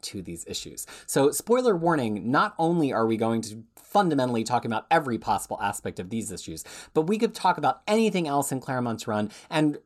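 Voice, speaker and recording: A woman's voice: a bass voice, sing-song, a little fast, hardly any pauses. A woman hosting a comic book podcast, reading a scripted opening and then teasing her co-hosts. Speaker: podcast host.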